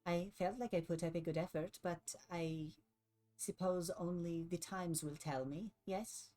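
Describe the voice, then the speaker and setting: A woman's voice: on the low side, steady tone, measured pace, warm tone, soft background music, pitched above the performer's own voice, lightly acted. A woman voicing a dainty young superhero girl who talks in a prim, affected, teasing way. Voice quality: prim, affected phrasing with a foreign-sounding "how you say".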